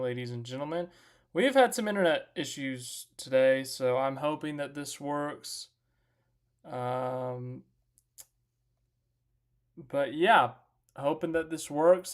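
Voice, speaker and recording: Brief: young male stream host, mid-pitched voice, loose and jokey, talks to his chat. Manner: chatty and joking, greets viewers in chat by name. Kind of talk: casual motorsport recap chat.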